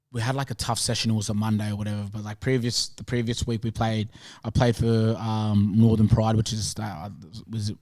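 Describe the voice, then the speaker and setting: A young Australian man, a rugby league player, chatting as a podcast guest in a loose, laughing storytelling style, acting out quoted conversations. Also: on the low side. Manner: animated, laughing, acts out quoted dialogue. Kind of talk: casual storytelling chat.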